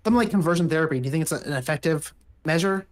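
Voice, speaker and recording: Hesitant man in an online debate, speaking quickly. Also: a little high, a loud crowd. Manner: hesitant, halting, many fillers and restarts.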